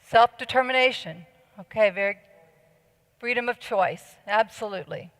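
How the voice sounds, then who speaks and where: A woman's voice: on the high side, moderate pace, fairly bright tone. A middle-aged woman giving an earnest, persuasive conference talk and questioning her audience. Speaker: conference speaker. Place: large conference hall. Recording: long hall reverb.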